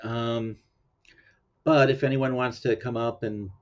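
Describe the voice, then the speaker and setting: A man's voice: mid-range voice, steady tone, slow pace. A man hosting a livestream in casual chat, rambling and laughing often while sleepy and yawning. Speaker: livestream host. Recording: dull lo-fi stream audio.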